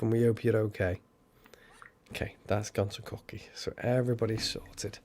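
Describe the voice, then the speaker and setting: A man hosting a casual live stream, chatty and excitable, thanking viewers by name. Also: medium pitch, normal speed, long pauses.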